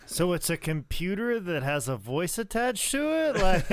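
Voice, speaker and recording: A man's voice: high voice, slow pace, a little hiss or hum. A man co-hosting a podcast, chatting casually and joking around. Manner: animated, jokey. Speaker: podcast co-host. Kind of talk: casual chat.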